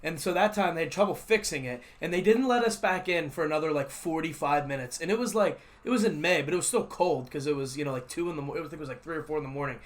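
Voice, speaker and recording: A young man with a fairly high voice hosts a casual podcast chat. He tells long, rambling stories and laughs often. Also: fast talker, few pauses. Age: young adult. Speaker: podcast host.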